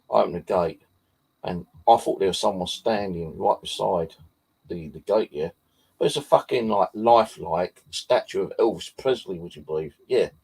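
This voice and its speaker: With a low, husky, gravelly voice and a dark tone, this man from Bexley, southeast London, rambles through a casual story and swears heavily. He's a paranormal vlogger, and his anecdote is packed with fillers.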